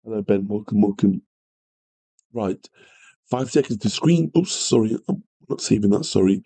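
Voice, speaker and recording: A man's voice: on the low side, animated, normal speed, dark tone, breathy edge, poor audio. A man teaching a live maths revision lesson, greeting viewers and apologising often as he works through problems. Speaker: maths tutor.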